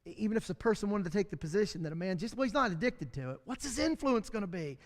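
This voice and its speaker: A man's voice: high voice, lively intonation, quick pace. A man teaching a midweek Bible class in a folksy, storytelling way, with self-deprecating humor. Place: church classroom. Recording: long hall reverb.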